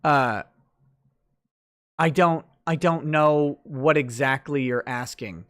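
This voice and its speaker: Rambling male livestream host, slightly high voice. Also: takes it slowly, a bit bright. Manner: loose, rambling, many fillers and restarts. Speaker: livestream host reading viewer comments. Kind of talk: casual late-night livestream chat.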